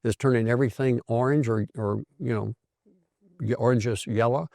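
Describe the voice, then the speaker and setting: Speaking at a moderate pace with some vocal fry, an older male physician host tells the story of his own health in an animated, conversational style. He acts out the voices of those he quotes, his pitch sitting in the middle range. The audio is dry and close-miked, with barely any room around it.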